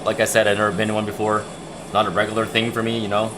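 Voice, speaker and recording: Brief: a livestream host, a man with a lowish voice, excitable and rambling. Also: rapid-fire, noisy background. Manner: excited, rambling, repeats himself. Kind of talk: casual chat.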